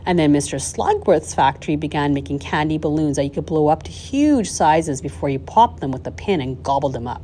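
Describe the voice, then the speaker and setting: Woman reader, children's novel, animated, warm mellow tone. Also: deep voice, a little fast, few pauses, slight background noise. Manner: lively expressive storytelling with small slips. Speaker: audiobook reader. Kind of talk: reading a children's novel aloud.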